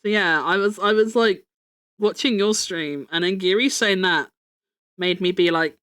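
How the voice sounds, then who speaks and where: A woman's voice: lowish voice, moderate pace, a bit bright. A young woman streamer chatting casually, rambling, joking about herself and swearing freely.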